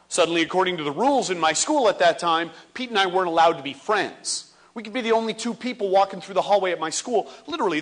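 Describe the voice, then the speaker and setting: A man in his forties giving a comedic speech on stage, animated and acting out scenes for laughs. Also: sits high. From Ontario, Canada. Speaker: motivational speaker. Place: stage before a live audience.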